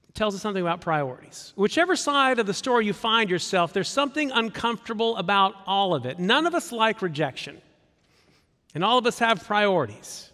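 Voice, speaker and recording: Guy preaching in a church, high lively voice, chatty, big hall echo. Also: normal speed. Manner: conversational, animated, acts out quoted voices. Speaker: pastor. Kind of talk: sermon.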